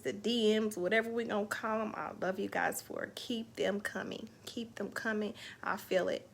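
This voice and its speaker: A medium-pitched voice with vocal fry belongs to a woman running an online live show, where she chats casually about her week and her faith. The talk is emotional and heartfelt, and a little hiss or hum is audible.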